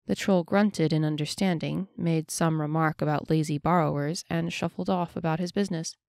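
A woman narrating a fantasy audiobook in a steady, measured way. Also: deep voice, vocal fry, no room sound, clean studio sound.

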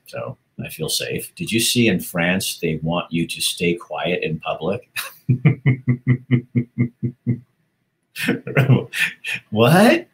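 A man's voice: sits low, fairly bright tone, poor audio. A man hosting a livestream, casually chatting and reading viewer comments aloud with a rambling, laughing manner. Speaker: livestream host.

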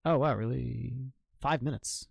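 A young man from Maine talks loosely while streaming a game, joking with chat and cursing freely. His voice sits at an ordinary middle pitch. The sound is dry and close, with no room around it. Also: measured pace, vocal fry, dry recording. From Maine, United States. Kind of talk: casual live-stream chat while gaming.

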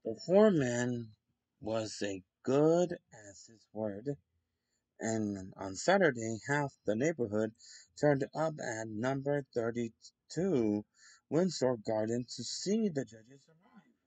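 A man reading a children's story aloud in a slow, deliberate way with occasional slips. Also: mid-range voice, animated, darkish tone, no echo. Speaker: storybook reader.

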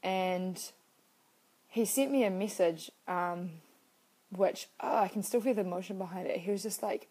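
A young woman talks openly to her live-stream viewers, greeting them by name as she goes. Her voice is soft and mellow, and her manner is heartfelt and unfiltered, with the odd swear word. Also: mid-range voice, normal speed, breathy edge. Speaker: live-stream host and personal-growth coach.

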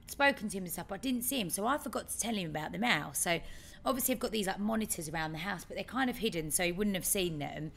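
A woman co-hosting a podcast, telling a story in a lively way and acting out other people's lines. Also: mid-range voice, quick pace, gravelly, a little hiss or hum. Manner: animated storyteller, acts out her dad's lines. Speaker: podcast co-host. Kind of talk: casual chat, storytelling.

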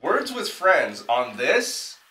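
Lively young man in an echoey room. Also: fairly high pitch, slow, crowd noise. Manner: animated, laughs easily, repeats words. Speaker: podcast co-host. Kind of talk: casual chat.

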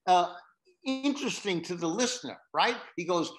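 A man's voice: sits high, expressive, moderate pace, poor audio. A man from New York coaching a piano student, singing phrases on "da" syllables to show emphasis. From New York, USA. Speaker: piano teacher. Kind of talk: masterclass coaching.

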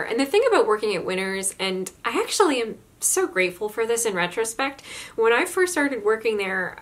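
A woman in her twenties telling stories casually to camera, animated, laughing often and saying "like" a lot. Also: mid-range voice. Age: 20s. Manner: lots of "like" fillers, chatty. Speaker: YouTuber. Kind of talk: casual storytelling vlog.

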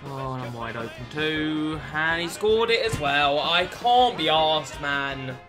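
A young British man narrating his own football video game matches. He swings from easy chatter to loud, exasperated swearing, with a slightly high voice. Game music plays clearly underneath. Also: a little slow. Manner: excitable, sweary, frequent exasperated outbursts. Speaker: gaming YouTuber. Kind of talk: live gameplay commentary.

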